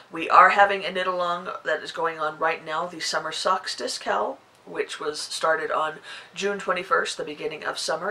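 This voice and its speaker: Gravelly, bright-voiced woman in her forties. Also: on the low side, poor audio. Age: 40s. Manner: chatty and rambling, with many fillers. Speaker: knitting podcast host. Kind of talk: casual chat to camera.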